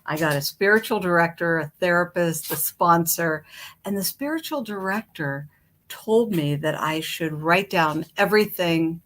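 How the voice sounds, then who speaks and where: A middle-aged woman telling her own recovery story from home, candid and animated, acting out what was said. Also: fairly low pitch, normal speed, slight background noise. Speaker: guest speaker.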